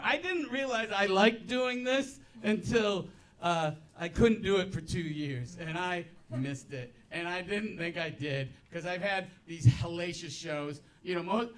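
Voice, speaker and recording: A stand-up comedian with a high, fairly bright voice tells rambling stories to a laughing audience at a live venue. He interrupts himself with restarts, asides, and laughs.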